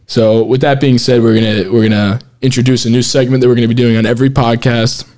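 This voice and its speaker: A man hosting a loose, casual podcast, steering the talk between his friends. He rambles, circles back on his own sentences and keeps breaking into laughs. His voice sits at an ordinary middle pitch. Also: little pitch movement, fast talker, darkish tone. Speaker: podcast host. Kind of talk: casual chat.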